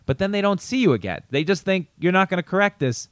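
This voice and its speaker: A man's voice: fast, no room sound, clean studio sound. A male comedian and podcast co-host telling stories in casual chat, acting out quoted lines with a raised voice. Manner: animated storyteller who acts out quotes in a raised pitch.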